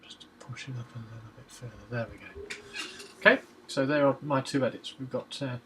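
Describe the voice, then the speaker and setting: Relaxed man talking through a photo edit. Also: mid-range voice, fairly quick, very noisy. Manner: relaxed, muttering to himself as he works, hums while waiting. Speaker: photo editing vlogger.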